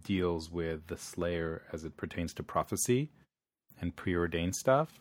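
A man's voice: low-pitched, lively intonation, unhurried. A man co-hosting a podcast in casual chat, playful and fond of absurd hypotheticals. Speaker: podcast co-host.

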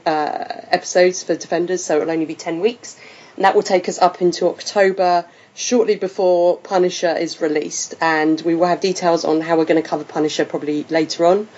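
British woman hosting a podcast, low voice. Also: darkish tone, lo-fi sound. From Britain. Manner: rambling, many fillers. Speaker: podcast host. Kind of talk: casual chat.

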